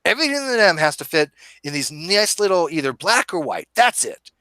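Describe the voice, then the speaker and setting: A man hosting a live online debate show, talking in an animated, emphatic and argumentative way. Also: high-pitched, brisk, no room sound. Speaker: host. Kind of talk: casual debate chat.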